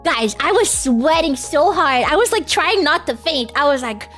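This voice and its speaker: A woman's voice: high voice, expressive, moderate pace, fairly bright tone, soft background music. A woman streamer telling a story in a casual livestream chat, rambling and giggly, with lots of fillers.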